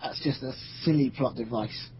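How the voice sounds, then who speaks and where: A man's voice: medium pitch, normal speed, dull audio. Dry-spoken man, faint hiss. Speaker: podcast co-host. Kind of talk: casual gaming chat.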